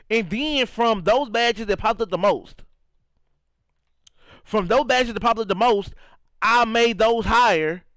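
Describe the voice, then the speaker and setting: A man's voice: sits high, a bit bright, no room sound, rough recording. A young man from St. Louis, Missouri, chatting loosely on a live game stream and reacting to chat as he goes. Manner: loose and repetitive, reacting to chat, frequent "you know what I'm saying". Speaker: gaming streamer. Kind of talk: casual live-stream commentary.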